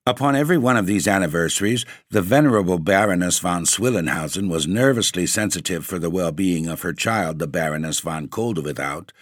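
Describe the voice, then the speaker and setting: A man narrating a classic story for a podcast, in a measured, wry storytelling manner. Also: deep voice, lively intonation, no echo, clean studio sound. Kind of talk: scripted ghost-story reading.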